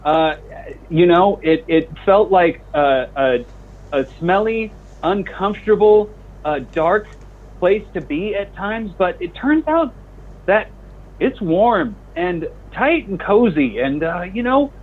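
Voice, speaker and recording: Man doing a hammy morning-show host, high lively voice, husky edge, dull lo-fi audio. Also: takes it slowly, heavily acted. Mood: mock-sincere. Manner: fake-sincere, laughing, hammy. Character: smarmy middle-aged male morning show host, innuendo-loving. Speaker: improv comedy show host.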